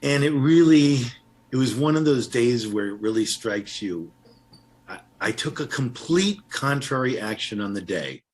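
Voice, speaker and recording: A man sharing his story at an online recovery meeting, halting and emotional, close to tears, with many restarts, heard over a video call. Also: mid-range voice, animated. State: teary.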